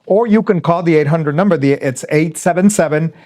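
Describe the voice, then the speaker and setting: A man's voice: a little high, a little fast, darkish tone. A man interviewing a scam victim, affirming her, then giving viewers a fraud help line and website. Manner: encouraging, affirming, reads out help line details. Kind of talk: supportive interview.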